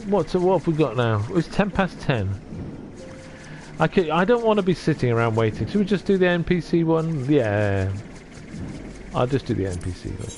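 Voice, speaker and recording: A man's voice: on the high side, sing-song, normal speed, over music. A man live-streaming a game, chatting casually, reading dialogue aloud and laughing at himself. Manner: chatty, self-deprecating, reads dialogue aloud.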